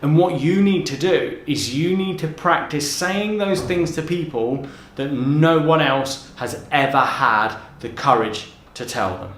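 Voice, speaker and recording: A man's voice: on the high side, unhurried, hardly any pauses, a bit bright, roomy sound. A man giving coaching advice straight to camera, talking with energy and emphasis, often repeating words as he goes. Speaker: transformational coach.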